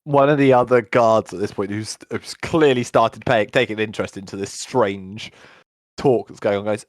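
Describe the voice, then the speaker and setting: A man narrating as game master of a tabletop game, relaxed and chatty with frequent fillers. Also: fairly low pitch, moderate pace, dry recording, clean studio sound. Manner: relaxed and chatty, laughs often, many fillers.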